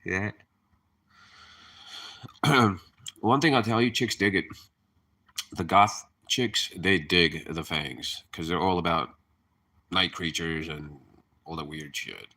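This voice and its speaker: Deep, bright-toned man rambling on a live stream. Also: slow, long pauses. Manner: rambling, laughing, cursing freely; hyper, chatty. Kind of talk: casual live-stream chat.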